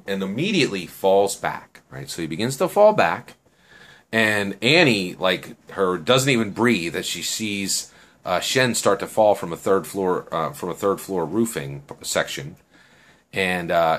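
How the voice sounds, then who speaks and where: A man's voice: lowish voice, fairly bright tone. A man telling a story casually, chatty and full of fillers and tag questions.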